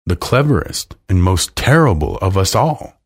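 A man reading a storybook aloud, voicing a friendly male lion in a lower, gruff tone. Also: very animated, moderate pace, exaggerated voice. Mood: matter-of-fact.

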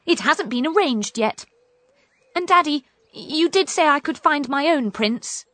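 Storybook princess, young and spoiled, put on by a woman; shrill, sing-song, music bed. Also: animated, unhurried, a bit bright, dry recording. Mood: pleased. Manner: shrill and snappish when angry. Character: spoiled, hot-tempered young princess girl. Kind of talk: storybook reading. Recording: music playing behind.

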